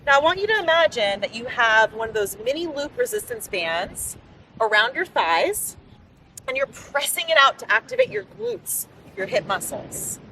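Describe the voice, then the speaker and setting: A woman's voice: high voice, very animated, normal speed, bright, forceful tone. A woman fitness instructor leading a live outdoor workout class on a beach, giving upbeat, encouraging cues. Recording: distant mic outdoors with faint background noise.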